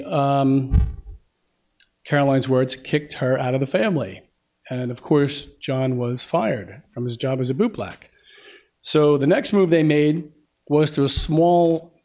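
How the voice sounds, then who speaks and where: A man's voice: mid-range voice, a little mellow. A man giving a folksy talk to an audience, telling a family story with lots of quoted dialogue and casual fillers. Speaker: guest speaker. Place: lecture hall.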